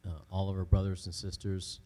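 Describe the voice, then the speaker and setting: A man leading a spoken prayer in church, halting and full of ums and uhs. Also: low-pitched, completely flat delivery, warm tone. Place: church sanctuary.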